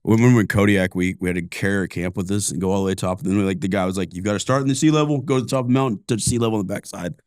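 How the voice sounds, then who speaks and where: Fast-talking animated male comedian. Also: on the low side, dry recording, clean studio sound. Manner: animated, fast storytelling with acted-out quotes. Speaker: podcast guest, comedian. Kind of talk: casual chat.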